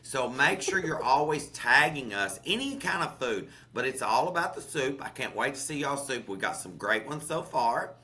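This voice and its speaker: Folksy Southern man, bright voice. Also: medium pitch, animated, moderate pace, hardly any pauses. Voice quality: folksy, chatty, says "honey" and "okay?" often. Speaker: chef and podcast co-host. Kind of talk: casual cooking chat.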